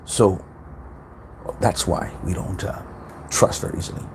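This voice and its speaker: A man's voice: low-pitched, unhurried, vocal fry, background noise. A man hosting a casual spiritual self-help livestream from home, rambling, repeating words and swearing freely.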